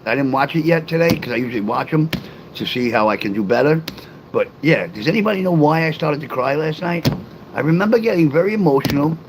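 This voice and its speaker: A man's voice: a little high, animated, fast talker, slight background noise, low-quality recording. A middle-aged man rambling casually on a livestream, talking straight to his chat and reading their comments aloud. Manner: reads and answers live comments aloud.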